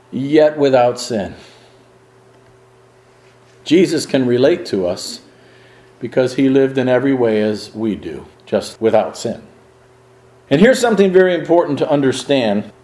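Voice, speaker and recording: A man preaching a sermon in an earnest, emphatic way, swinging his pitch and pace to stress his points. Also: a little mellow, reverberant, poor audio.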